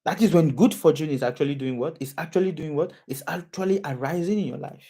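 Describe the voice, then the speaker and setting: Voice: medium pitch, fast talker, warm tone, husky. A preacher delivering a sermon, repeating phrases and asking the audience questions again and again.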